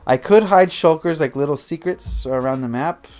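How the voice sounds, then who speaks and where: A man's voice: a little high, normal speed, a little mellow. A man livestreaming a building game, chatting casually with viewers in a rambling, self-interrupting way. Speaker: streamer.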